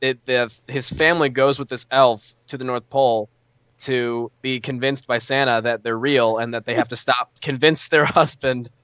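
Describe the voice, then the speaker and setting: A man's voice: mid-range voice, steady tone, normal speed, fairly bright tone, clear, resonant tone, no room sound. Man, podcast co-host, enthusiastic, full of fillers, dull dry recording. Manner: enthusiastic, filler-heavy storytelling. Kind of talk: casual chat.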